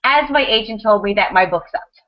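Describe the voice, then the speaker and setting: A woman in her thirties tells a story to a podcast panel, rushing through animated bursts and stumbling over restarts. Her voice sits at an ordinary middle pitch, and the recording sounds dull and lo-fi. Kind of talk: casual storytelling chat.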